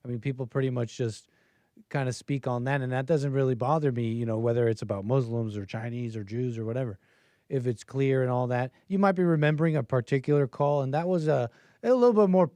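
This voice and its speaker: A man's voice: mid-range voice, a little fast, dark tone, no echo. A man hosting a call-in show, talking loosely and trailing off mid-sentence. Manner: loose, conversational, trailing off often. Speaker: talk show host.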